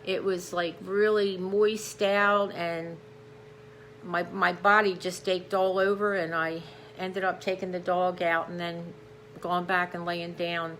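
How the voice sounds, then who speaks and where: A woman's voice: on the low side, level tone, slow pace, a little hiss or hum. A tired woman talking casually at home in a rambling crafts vlog, restarting her sentences often. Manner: rambling, warm-hearted, with many restarts. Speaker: craft vlogger. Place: at home, on a couch.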